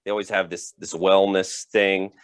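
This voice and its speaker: A man's voice: deep voice, little pitch movement, normal speed, clean tone, dry recording. A man doing a rambling stand-up comedy set, chuckling through his own punchlines. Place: home setup for a virtual show.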